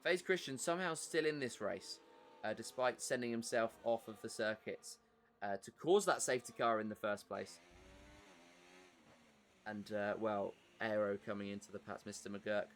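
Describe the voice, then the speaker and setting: A man's voice: on the low side, moderate pace, slight background noise. A man with an English accent giving live commentary on an online racing league, chatty and answering viewer messages between race updates.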